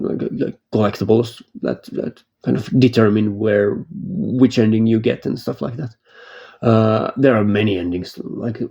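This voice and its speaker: Mellow-voiced man rambling about games. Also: on the low side, vocal fry. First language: not English. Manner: rambling with frequent restarts, laughs easily. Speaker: game reviewer. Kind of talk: casual spoken game review.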